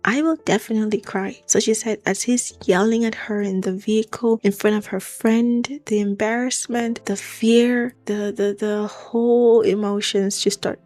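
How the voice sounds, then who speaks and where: A woman's voice: mid-range voice, a little mellow. Chatty woman telling a story. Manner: chatty and personal, with asides about her own life. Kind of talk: casual true-crime storytelling.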